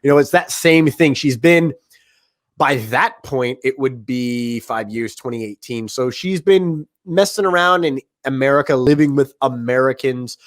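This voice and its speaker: A man's voice: medium pitch, no room sound. A man in his thirties co-hosting a movie podcast, playful and jokey, speaking close to the mic. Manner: playful, jokey, does quick impressions. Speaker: podcast co-host. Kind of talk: casual movie chat.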